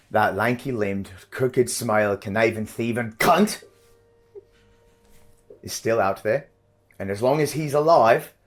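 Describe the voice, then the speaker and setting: Guy doing a scheming spirit boss, pompous and threatening, lowish voice. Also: close to an everyday voice.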